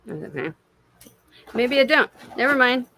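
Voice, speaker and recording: A woman's voice: a little high, sing-song, moderate pace, bright, forceful tone. A woman giving casual livestream intuitive readings from her couch, chatty and swearing freely. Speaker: intuitive reader. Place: home, on a couch.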